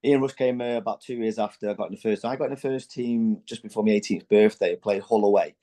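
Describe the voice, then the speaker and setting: A man in his forties with a low, mellow voice recounts old football days on a podcast. He talks loosely, piles on fillers and restarts, and slips into lively impressions of teammates. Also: fast. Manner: animated, acts out quotes from teammates. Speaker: former footballer guest. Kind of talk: candid podcast storytelling.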